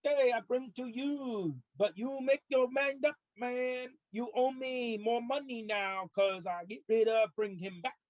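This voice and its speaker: A man's voice: very high-pitched, steady tone, a little slow, few pauses, dry recording, rough recording. A man playing a tabletop game, chatting casually and slipping into broken English for his character. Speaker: player.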